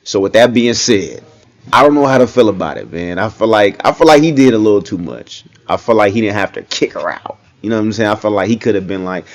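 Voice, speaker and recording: A man's voice: fairly low pitch, animated, fast talker, dull audio. A young man giving casual reaction commentary, talking loosely and often saying "you know what I'm saying.".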